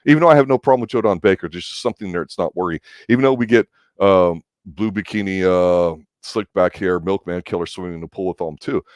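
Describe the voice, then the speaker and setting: A man chatting casually as a movie review host, rambling and excitable, with casual swearing. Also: low voice, fast, hardly any pauses, dry recording, studio quality.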